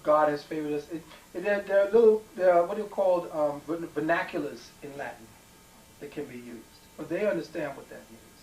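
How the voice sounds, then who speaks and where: A man's voice: on the high side, brisk, a little mellow. A man lecturing to a live audience in an emphatic, digressive way, restarting his sentences often. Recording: echoey room, distant mic, faint hiss.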